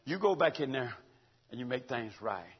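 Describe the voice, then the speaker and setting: A preacher voicing the Holy Spirit as a stern, quiet voice rebuking him, recorded in dull lo-fi sound. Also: male voice, mid-range voice, big pitch swings, moderate pace, slightly rough, voice pushed down. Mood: stern rebuke.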